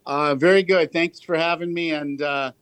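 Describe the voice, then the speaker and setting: A man's voice: a little high, steady tone, fairly bright tone, no room sound. A middle-aged man with an Ontario accent, a guest musician telling stories in an interview. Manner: chatty, fast storytelling with restarts.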